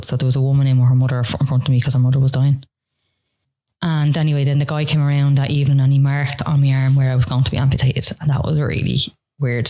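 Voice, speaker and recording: An Irish woman telling her own story as a podcast interview guest, emotional and halting, with many "like" and "you know" fillers. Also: very deep voice, warm tone.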